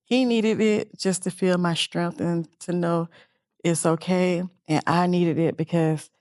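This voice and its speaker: A woman's voice: lowish voice, fairly even intonation, unhurried, darkish tone, no echo, clean studio sound. A middle-aged woman, a mother telling of her family in an earnest, reflective, heartfelt way as an interview guest. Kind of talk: emotional personal interview.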